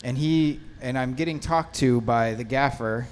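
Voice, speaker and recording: A man from a film lighting crew speaking on a festival panel, relaxed and halting, with many fillers. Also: mid-range voice, clean tone. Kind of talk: casual panel storytelling.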